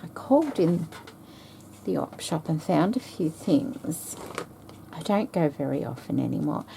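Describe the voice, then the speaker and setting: A woman talks slowly and softly while she sews, musing over threads and stitches. Her voice is mellow and low, with a gravelly edge. A faint hum sits under the recording. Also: big pitch swings. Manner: slow, soft-spoken, thinking aloud while sewing. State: hiccups. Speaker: craft vlogger. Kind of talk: casual stitching chat.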